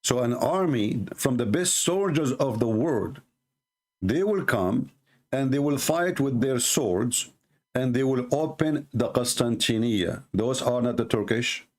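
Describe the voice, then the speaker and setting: A man whose first language is Arabic, and who speaks with an Arabic accent, hosts a live debate show. He argues emphatically, repeating phrases and slowing down to drive points home, in an expressive, medium-pitched voice.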